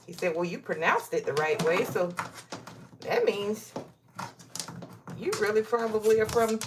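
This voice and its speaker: Unhurried and fairly high-pitched, this Aliquippa, Pennsylvania woman crafts on a casual live stream while spinning folksy, chatty stories. She voices other people's lines and calls her listeners honey, with background noise behind her.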